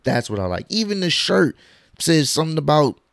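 A man talking casually in an opinion vlog, animated and slangy, acting out quotes in bursts. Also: a little high, brisk, vocal fry, no echo, clean studio sound. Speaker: wrestling commentary vlogger.

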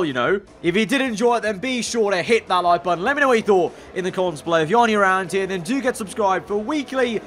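A man commentating his own racing game run, excitable and breaking into loud exclamations when things go wrong. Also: high-pitched, quick pace, few pauses, a little hiss or hum. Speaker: gaming YouTuber.

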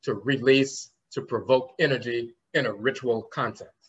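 A man's voice: medium pitch, fairly even intonation, moderate pace, husky. A man giving a conference lecture, explaining word roots and spelling terms out letter by letter, often trailing off with "and so forth". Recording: slightly muffled lo-fi recording.

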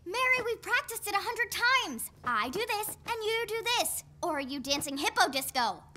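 A woman's voice: very high-pitched, big pitch swings, normal speed, heavy background noise. A woman voicing a bossy, teasing teenage girl who leads the others. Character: bossy, sharp-tongued teenage girl dancer. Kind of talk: animated cartoon voice acting. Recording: dubbed cartoon with loud music.

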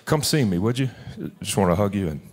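A man's voice: on the low side, lively intonation, brisk. A man pastoring a church service, talking in an informal, heartfelt way with many restarts, then praying. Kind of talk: sermon and prayer. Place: church sanctuary.

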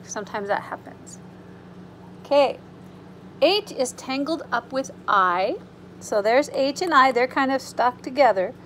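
A preschool teacher reads a picture book to young children in an animated storytime voice, gasping and adding gentle, reassuring asides. Her voice sits high and runs a little slow, and the poor audio carries some hiss or hum.

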